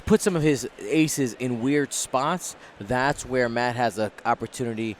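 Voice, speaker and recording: A man co-commentating a tabletop tournament, playful and quick with banter. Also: mid-range voice, slight background noise. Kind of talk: casual game commentary.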